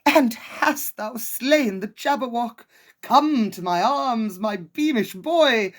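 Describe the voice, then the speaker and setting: A reader voicing an overjoyed old father in a dramatic poetry reading, with a high, sing-song, gleeful delivery. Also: animated, takes it slowly. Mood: jubilant. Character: overjoyed old father praising his son.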